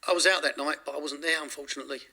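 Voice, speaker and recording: Bright-voiced Englishman telling a rambling story. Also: fairly high pitch, steady tone, very fast, gravelly. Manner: rambling, self-correcting, frequent restarts. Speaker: interview guest. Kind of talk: candid storytelling in an interview.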